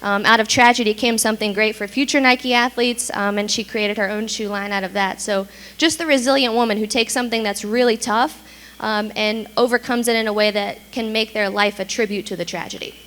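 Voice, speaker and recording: A woman's voice: mid-range voice, steady tone, fairly quick, a bit bright. A woman speaking earnestly on a panel, with a few fillers. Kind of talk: panel talk.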